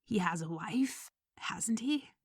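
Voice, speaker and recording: A woman reader voicing a grieving, mild-mannered man, speaking quietly and gently in an audiobook story. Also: medium pitch, animated, slow pace, breathy edge, dry recording. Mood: subdued.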